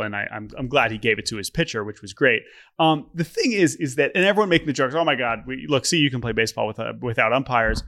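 A young man with a mid-range voice, animated and laughing, co-hosts a podcast. He tells stories with lots of energy, laughs often, and keeps the talk a casual chat.

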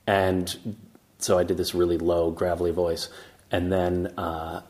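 A man, an actor guest, chatting casually in an interview with a self-mocking, relaxed manner and many fillers and restarts. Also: low-pitched, a little slow. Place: castle in Scotland.

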